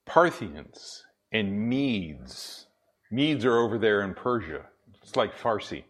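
A man's voice: mid-range voice, sing-song, measured pace, fairly bright tone. A man from the Pacific Northwest preaching a sermon in a conversational way, reading scripture aloud and asking and answering his own questions. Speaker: pastor. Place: church with congregation laughing.

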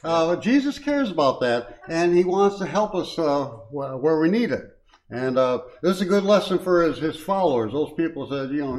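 Fairly high and expressive, at normal speed and slightly mellow, this older man's voice is heard on poor audio. He gives a short, casual devotion as a lay speaker at a Bible study, folksy and chuckling with frequent uh's and um's, reading scripture with added emphasis.

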